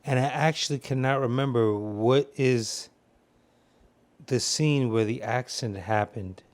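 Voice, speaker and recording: A man's voice: mid-range voice, a little slow, no echo. A man giving casual film commentary, telling rambling, profane stories.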